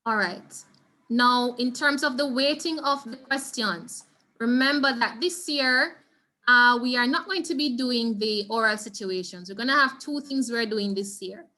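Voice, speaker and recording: A woman's voice: on the high side, a little slow, bright, forceful tone. A Jamaican woman teaching an online Spanish exam revision lesson, patient and instructive, often checking in with her class. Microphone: video call.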